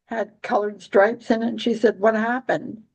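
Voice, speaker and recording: Higher-voiced woman musing about astrology. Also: level tone, creaky, a little mellow, breathy edge. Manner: rambling, halting with many restarts; dry humor, giggly. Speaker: astrology podcast host. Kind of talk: casual astrology chat.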